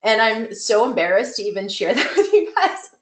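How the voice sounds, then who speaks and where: A woman's voice: fairly high pitch, big pitch swings, normal speed. A woman nutrition coach giving a webinar talk in a conversational, emphatic way, often using "like" as a filler. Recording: echoey room.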